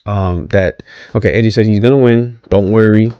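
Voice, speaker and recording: A man's voice: fairly low pitch, steady tone, normal speed, mellow, clear, resonant tone, no room sound, dull audio. A man casually recapping a wrestling show, rambling with many ums, restarts and questions to viewers. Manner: rambling, hesitant, many ums and self-corrections; asks viewers to comment.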